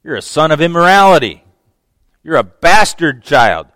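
A preacher putting on scornful, mocking elders. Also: male voice, on the high side, sing-song, moderate pace, a bit bright, no room sound. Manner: mocking, dismissive. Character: scornful religious leaders, adult men.

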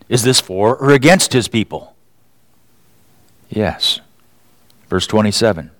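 A man's voice: lowish voice, expressive, slow, long pauses, dry recording. A man preaching a sermon in a conversational way, often asking rhetorical questions and chuckling. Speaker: pastor.

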